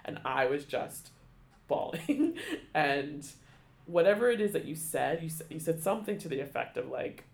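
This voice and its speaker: A man telling a personal story in an interview, halting, with many restarts and fillers, becoming emotional. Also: fairly high pitch, sing-song, vocal fry, echoey room. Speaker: guest, theater education staff. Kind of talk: conversational storytelling.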